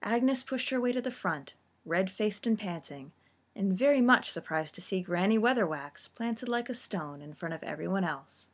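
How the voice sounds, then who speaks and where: Woman narrator, storybook reading, husky, steady and expressive. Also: mid-range voice, moderate pace.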